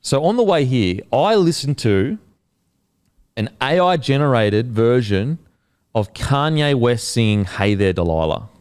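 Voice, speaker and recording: An Australian man hosts a casual podcast, chatting in a jokey way full of quick asides. His voice is smooth and clear, sitting at an everyday middle pitch. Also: sing-song, darkish tone. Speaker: podcast host. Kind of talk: casual chat about football tips.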